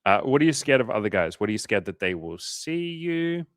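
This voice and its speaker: Reading comments from viewers, this young dating coach keeps his livestream loose, joking and cursing while offering reassurance. He has a lowish, sing-song voice and a brisk delivery, captured in clean studio sound without any room ambience.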